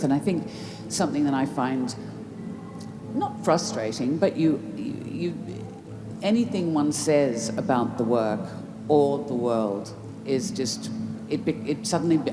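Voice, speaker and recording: A woman answering audience questions at a festival Q&A, reflective, often restarting mid-thought. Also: very deep voice. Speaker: festival Q&A guest. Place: large festival tent. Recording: roomy festival tent with background noise.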